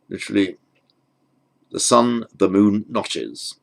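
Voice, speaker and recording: A man with a deep, gravelly voice teaches a language lesson at an unhurried pace. He spells out each term patiently and often pauses with ums and small restarts as he explains. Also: sing-song, a bit bright. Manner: patient, explains slowly, spells out terms carefully. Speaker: Sanskrit teacher.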